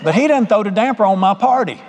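High-voiced man preaching, long hall reverb. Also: animated, quick pace. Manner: folksy storytelling with direct questions to the congregation. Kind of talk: sermon.

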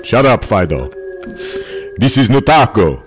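A man's voice: very animated, a little slow, faint music behind. A man putting on the voice of a theatrical vampire count to open a podcast. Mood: hammy spooky. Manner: hammy, booming spooky welcome. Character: theatrical male vampire count, spooky host.

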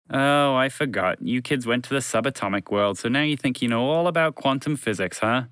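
A man's voice: mid-range voice, a little fast, hardly any pauses, a bit bright, clear, resonant tone, no echo, clean studio sound. A man narrating a children's story in a playful, teasing way, answering interruptions as he goes.

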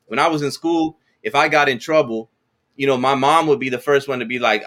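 A man's voice: medium pitch, a little fast, fairly bright tone. A man speaking as a podcast guest in casual chat, often stumbling over and repeating words as he tells his stories. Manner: stammering repetitions, conversational storytelling.

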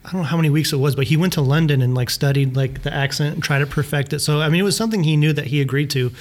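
A man's voice: a little high, very fast, a little mellow. A man co-hosting a casual podcast chat, passing on facts he has read up on. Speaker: co-host.

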